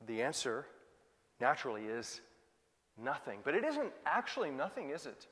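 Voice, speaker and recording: A male pastor preaching a sermon, moving from loud emphatic questions to soft, quiet asides. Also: medium pitch, big pitch swings, moderate pace, in a large hall.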